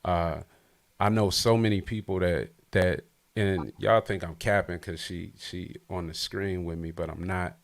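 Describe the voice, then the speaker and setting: A man hosting a casual interview podcast who hypes up his guest and gets loud and excitable. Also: deep voice, a little slow. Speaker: podcast host.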